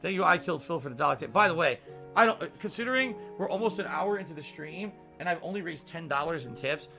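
Brief: male livestreamer, lively and high-leaning, bright edge, chatty with sudden loud bursts. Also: quick pace, gravelly, soft background music. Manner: animated, swings from loud outbursts to low grumbling. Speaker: livestream host. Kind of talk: casual livestream chat.

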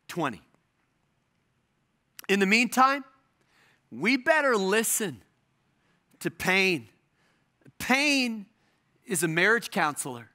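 Man, pastor, sermon, bright ringing voice, emphatic repetition, dramatic pauses. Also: sits high.

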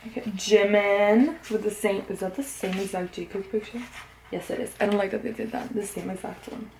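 Sniffling from a cold, a young woman unboxes an album on camera, chatting casually and gushing excitedly, often sounding confused and breaking into sudden squeals and gasps. Her mid-range voice has vocal fry and runs a little fast. The room is echoey with faint background noise.

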